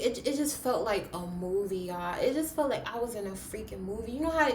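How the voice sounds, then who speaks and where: A young woman vlogger telling a story in a casual, animated way, her voice jumping from soft to loud as she relives it. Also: mid-range voice, brisk, few pauses, slight background noise. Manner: animated, dramatic retelling with big swings in loudness. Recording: roomy echo.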